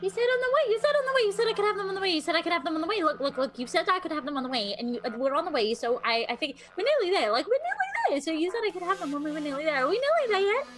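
Woman playing a high, wildly swooping, fast-babbling tweaker in a tabletop game, music behind. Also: very animated. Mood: pleading giddy. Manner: rambling, whiny pleading.

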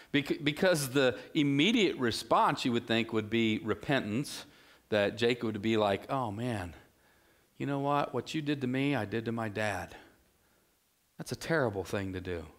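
A middle-aged male pastor preaching a sermon in a relaxed, conversational way, full of rhetorical questions and asides. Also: mid-range voice.

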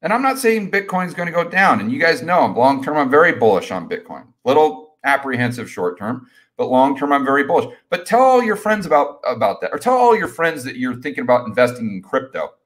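Energetic man hosting a live stream. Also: mid-range voice, brisk. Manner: energetic, rambling, repeats words. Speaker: host. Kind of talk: live stream Q&A, casual chat.

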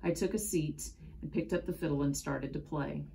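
Woman, low voice, storybook read-aloud, expressive. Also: moderate pace, gravelly. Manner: expressive first-person storytelling. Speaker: storybook reader. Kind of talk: reading a children's picture book aloud.

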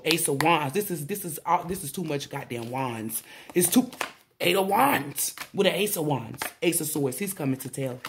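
Woman tarot reader, casual monologue; profane, exclaiming, a little shaky with excitement. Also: lowish voice.

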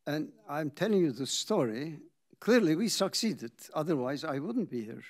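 An older man, a company founder, tells his story in a reflective talk, pausing for drama and acting out the conversations he recounts. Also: a little high, very animated. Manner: dramatic pauses, acts out quoted dialogue.

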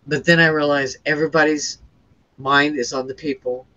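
A woman guest with a low voice and a fairly bright tone tells of her near-death experience at a moderate pace on a lo-fi recording. Her intonation stays fairly even, yet the story is intense and emotional, with many restarted sentences.

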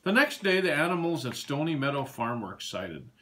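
A man reading a children's picture book aloud in an animated, sing-song storytelling manner. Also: fairly high pitch, brisk.

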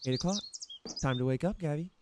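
A woman's voice: low voice, fast talker, noisy background. A woman playing a game with friends, tossing out teasing quips. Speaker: game player. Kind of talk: let's play banter.

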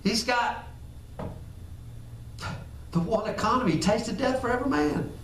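Man, high voice, conversational sermon, repeats phrases, recorded from a distance. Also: expressive, unhurried, fairly bright tone, slight background noise. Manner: conversational preaching, acts out little dialogues. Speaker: pastor. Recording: echoey room, far from the mic.

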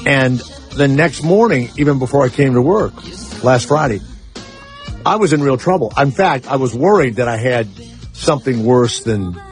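A man's voice: mid-range voice, animated, normal speed, soft background music. A man hosting a talk radio show, telling stories in a brash, casual way and swearing freely. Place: radio studio.

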